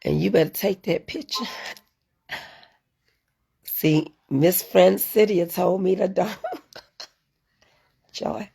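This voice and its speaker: A woman hosts a casual live stream, chatting straight at her viewers and answering them by name. Her voice sits low, with a gravelly rasp and a husky, breathy edge. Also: slow, long pauses, dark tone. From United States. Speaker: livestream host reading viewer comments.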